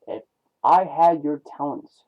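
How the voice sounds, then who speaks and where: A man reading a comic aloud, voicing a blunt, gruff older male robot medic who grumbles at a colleague. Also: a little high, unhurried. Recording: tinny phone-like lo-fi sound.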